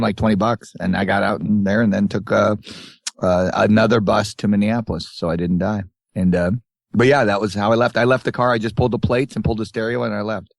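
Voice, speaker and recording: A man's voice: lowish voice, gravelly, dry recording. A man co-hosting a podcast, telling a long rambling road story in casual chat and acting out the people in it. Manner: rambling anecdotes with acted-out quotes. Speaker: podcast co-host. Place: tour bus.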